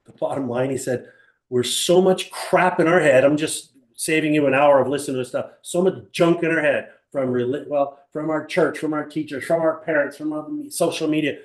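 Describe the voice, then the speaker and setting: A man's voice: on the high side, brisk, hardly any pauses, roomy sound. An older man teaching a live motivational seminar to an audience in a small room, telling stories and asking the audience questions. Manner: animated storyteller, rhetorical questions, acts out other people.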